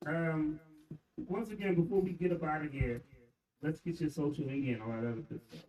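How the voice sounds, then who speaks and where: A man's voice: a little high, fairly quick, a little mellow. A man co-hosting a casual podcast, talking bluntly and teasing the others. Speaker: co-host. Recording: echoey, distant from the mic.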